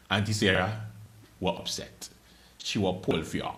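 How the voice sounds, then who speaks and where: A man hosting a late night comedy show, delivering a joking monologue with loud outbursts, laughter and quiet asides. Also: unhurried, slight background noise. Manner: animated, laughing, swings between loud outbursts and low asides.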